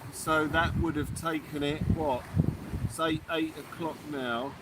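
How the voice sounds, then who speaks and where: Chatty man, high voice, windy. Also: fairly even intonation, a little slow. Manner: chatty, reads out and answers viewer comments. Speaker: fishing channel host. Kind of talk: casual live-stream chat. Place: outdoors by the water at night.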